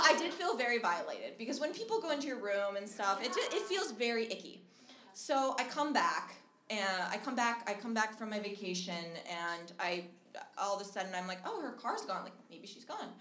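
A young woman from Minnesota tells a funny story live on stage, speaking at normal speed in a medium-pitched voice. She's chatty and animated, laughing as she goes. The live room is echoey with loud background noise.

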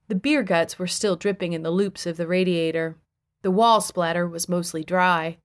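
A woman's voice: fairly low pitch, fairly even intonation, normal speed. A woman reading a first-person audiobook in a wry, conversational storytelling voice. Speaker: audiobook narrator.

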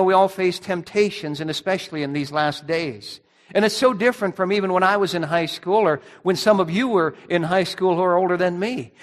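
A man with a high-pitched voice delivers an emphatic sermon, putting rhetorical questions to his congregation. His words ring out with a long reverb through a church hall. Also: a bit bright. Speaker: pastor.

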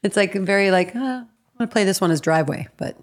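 A woman's voice: medium pitch, lively intonation, fast talker. A woman chatting as a podcast guest, rambling and laughing easily. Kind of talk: casual chat.

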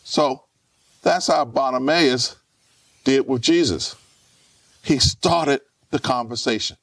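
A man's voice: medium pitch, slow pace, vocal fry, fairly bright tone, no room sound, recorded from a distance. A man, preaching a live sermon as pastor in a church, who repeats his points and puts rhetorical questions to the congregation.

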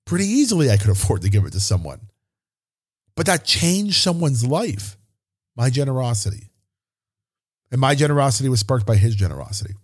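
A man's voice: medium pitch, sing-song, fairly quick, pauses often, slightly rough. A man hosting a podcast, telling a personal story in an earnest, openly emotional way. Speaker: podcast host.

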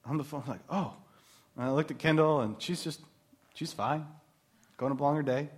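A warm, digressive storyteller in his thirties speaks to Christian mothers about faith, poking fun at himself through personal tales. The voice is a touch high and the delivery fairly brisk.

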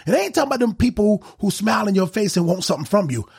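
A man preaching a sermon in an emphatic style, rising to shouts on key points. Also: sits high, sing-song, very fast, gravelly, breathy edge.

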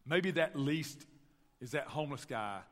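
Male pastor, Southern US accent, lively sermon delivery, raised pitch, ringing hall. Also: a little slow. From Tennessee, US Southern. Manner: storytelling, animated, addresses the church directly. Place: church sanctuary.

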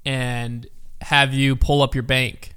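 Smooth-voiced man telling a story. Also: medium pitch, slow. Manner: storytelling, animated, many fillers. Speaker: podcast co-host. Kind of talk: casual chat.

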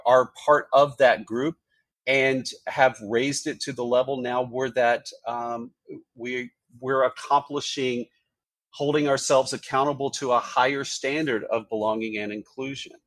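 Dry-sounding man giving measured interview answers. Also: mid-range voice, no room sound. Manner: measured corporate speaking, frequent uh fillers. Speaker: HR executive guest.

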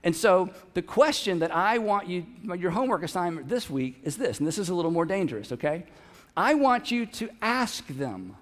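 A man's voice: high voice, lively intonation, fairly quick, fairly bright tone. A male pastor preaching a sermon in a church, conversational and joking with the congregation. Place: church sanctuary. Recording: long hall reverb.

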